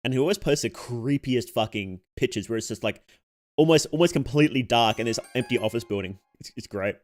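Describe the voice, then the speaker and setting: A man's voice: mid-range voice, a little fast. A young man streaming as a VTuber, chatting casually with viewers, reading chat aloud, laughing often and restarting his sentences.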